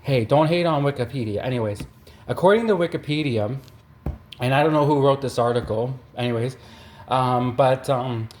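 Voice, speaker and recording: A man from Canada doing a rambling, deadpan satirical comedy monologue, full of fillers and restarts. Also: mid-range voice, normal speed, slight background noise.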